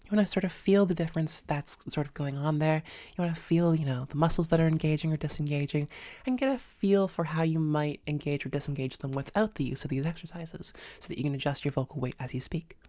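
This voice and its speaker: A woman with a low, mellow voice leads a voice lesson, talking it through loosely with plenty of fillers. She sits close to the microphone in a dry room. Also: quick pace, no room sound. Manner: relaxed, hesitant with many fillers. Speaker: voice coach. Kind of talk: instructional voice lesson.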